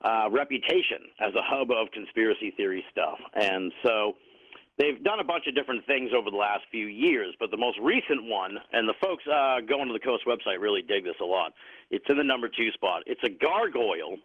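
A man's voice: lowish voice, lively intonation, a little fast. A man acting as the website news editor on a radio show, casually running through the week's strange stories. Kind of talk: radio segment. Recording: tinny phone line.

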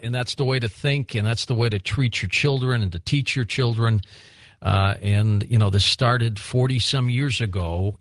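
A man hosting a late-night call-in radio show, talking in a relaxed, conversational way. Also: lowish voice, no echo. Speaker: radio talk show host.

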